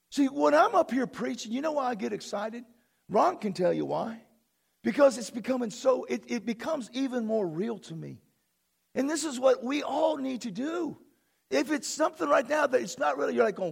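A man preaching a fervent sermon from a church platform, bursting into shouts and exclamations. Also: very high voice, very animated, normal speed, creaky, husky. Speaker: pastor.

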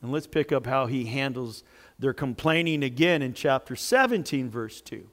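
A male pastor preaching a sermon in a jokey, animated way, with sudden loud outbursts. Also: medium pitch, normal speed.

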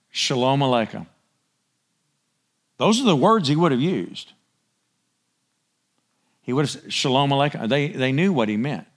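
A man preaching a sermon in a conversational way, often asking his listeners for agreement and clearing his throat. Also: fairly high pitch, fairly bright tone. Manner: conversational, asks the congregation for agreement. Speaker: pastor.

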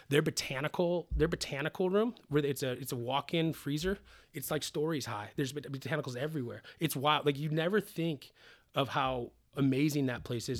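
Brief: man, distillery founder, relaxed interview storyteller, animated and loose, swears casually, emotional streak. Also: medium pitch.

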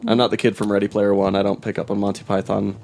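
A man's voice: fairly low pitch, level tone, fast talker, vocal fry, a little mellow. A man hosting a casual comics chat, laid-back, laughing often and trailing off into fillers. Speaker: podcast host.

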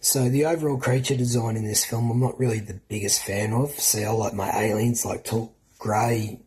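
An Australian man talks through a film review in a loose, chatty way and swears freely. His voice sits on the low side. He sounds like one of the regulars on a casual podcast. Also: fairly even intonation, normal speed, darkish tone, slight background noise. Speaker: podcast co-host.

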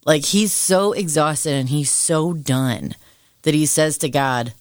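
A podcast co-host in a casual faith discussion who explains things thoughtfully and at length, with quick asides. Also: mid-range voice, dry recording, clean studio sound.

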